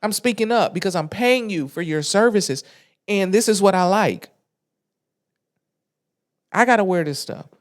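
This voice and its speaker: An exasperated podcast host retells a personal story in loose, animated talk. The speaker restarts sentences and drops slang and swearing along the way. The pitch sits in a middle register. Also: measured pace, long pauses. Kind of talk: casual storytelling monologue.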